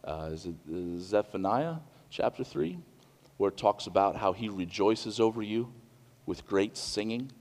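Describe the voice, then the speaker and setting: A middle-aged man giving a sermon in an earnest, conversational way, often pausing to restart a sentence or to add an aside. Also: fairly low pitch, in a large hall. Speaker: pastor.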